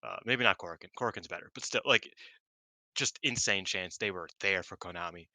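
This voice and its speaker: Bright, excitable low-voiced man. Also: a little fast, no room sound. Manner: excitable, swears, long-winded, laughs often. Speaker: podcast co-host. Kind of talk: casual wrestling review chat.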